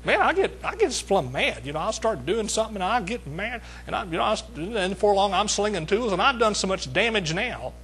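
A man's voice: high-pitched, very animated, brisk, hardly any pauses, a bit bright, husky, poor audio. A middle-aged man preaching a sermon, emphatic, repeating his phrases and calling out to the congregation.

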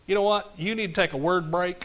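A middle-aged man, preaching a folksy, animated sermon to his congregation and often talking to them directly. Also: high voice, fairly quick, lo-fi sound. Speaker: pastor.

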